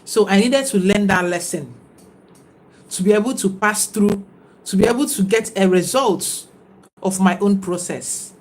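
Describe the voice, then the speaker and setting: A woman hosts a livestream and talks in a casual, reflective way. Her voice sits at an ordinary middle pitch. She sounds preachy and speaks straight to the people watching. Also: a little slow. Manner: reflective, preachy, greets viewers by name. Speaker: livestream host.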